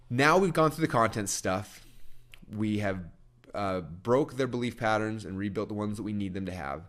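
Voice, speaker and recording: A man presenting a sales training talk to an audience. He speaks energetically, often restarts his sentences, and says he talks fast. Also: lowish voice. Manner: rapid-fire, energetic, frequent restarts. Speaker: marketing trainer.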